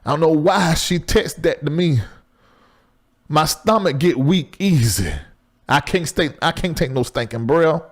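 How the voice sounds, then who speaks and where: A middle-aged man, hosting a live call-in talk show in a loose, chatty way, jumping between loud exclaims and low asides. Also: a little slow. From Southern US.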